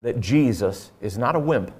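Earnest male preacher, mid-pitched, storytelling sermon. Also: expressive, moderate pace, slightly rough. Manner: earnest, conversational preaching with frequent fillers.

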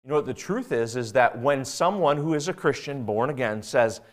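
A man preaching a sermon as pastor, emphatic and repeating key phrases, asking the congregation questions and dropping from loud stresses to quiet asides. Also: mid-range voice, expressive, normal speed.

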